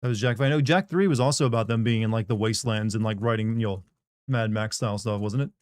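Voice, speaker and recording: A man's voice: lowish voice, fast talker, darkish tone, no room sound. Man, game streamer, casual live chat, laid-back rambling, dry sound. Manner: laid-back, rambling, talks to viewers and his pet.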